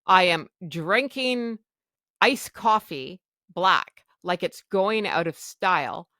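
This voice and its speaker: Blunt woman podcaster telling her own story, slow and candid, dry close mic. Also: lowish voice, lively intonation, bright, forceful tone, no room sound. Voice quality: blunt, frank, self-mocking. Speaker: podcast host.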